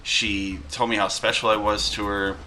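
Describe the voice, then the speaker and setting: A man in his thirties from Western New York, USA, reads viewer mail aloud with asides in a casual vlog, at home while his dogs wrestle in the background. His fairly low voice has little pitch movement, a moderate pace and a bright, forceful tone, with slight background noise.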